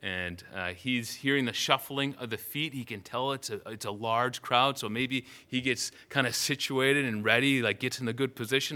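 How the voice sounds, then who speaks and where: A man's voice: mid-range voice, moderate pace, hardly any pauses, pushed and bright. A man preaching a sermon, retelling a Bible story vividly and often restarting phrases.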